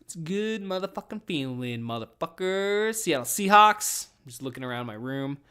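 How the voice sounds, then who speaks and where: A young man talking loosely into his podcast mic from his room at home, swearing freely as he rambles along. His voice sits a little on the high side for a man, relaxed and chatty. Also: moderate pace, smooth. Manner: rambling and profane, laid-back. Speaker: podcast host. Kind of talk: casual solo podcast chat.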